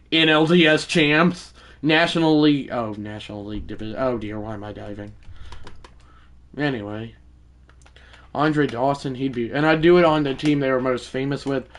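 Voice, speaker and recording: A man streaming a baseball video game live, talking to his chat between pitches and breaking into mock play-by-play calls. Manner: mock play-by-play announcing, excitable; chatty asides to viewers.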